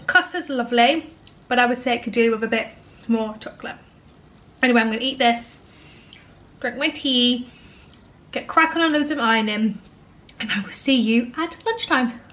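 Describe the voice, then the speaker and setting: Tired, chatty woman, higher voice. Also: a bit bright, low-quality recording. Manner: chatty and self-deprecating, often laughing. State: tired, a little out of breath. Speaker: vlogger, homemaker. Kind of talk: casual kitchen vlog chat.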